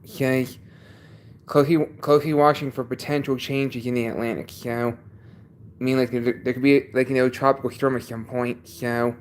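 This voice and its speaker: Man, congested, livestream host, casual chat, halting, repeats himself, basement, mid pitch. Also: a little hiss or hum. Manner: halting, repeats each sentence.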